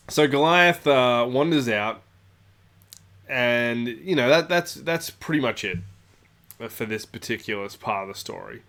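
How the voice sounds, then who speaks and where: A man tells a long, casual story from his gaming club, wandering into asides and filling gaps with uh and you know. His voice sits at an ordinary middle pitch. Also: fairly bright tone. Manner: rambling, many fillers and asides. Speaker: storyteller, tabletop channel host. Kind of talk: casual anecdote.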